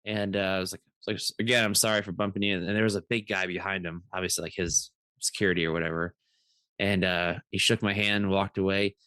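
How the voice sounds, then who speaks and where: A man's voice: deep voice, little pitch movement, a little fast, bright, forceful tone, clear, resonant tone, dry recording. A man co-hosting a podcast, telling stories in casual chat, rambling with many restarts and acting out other people's voices. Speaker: podcast co-host.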